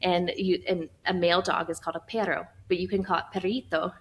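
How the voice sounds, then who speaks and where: A woman in her thirties, a guest on a podcast interview, talking in a chatty, animated way with lots of fillers and laughs. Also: on the low side, a little fast, low-quality recording. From Florida. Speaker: guest, founder of an Enneagram training company.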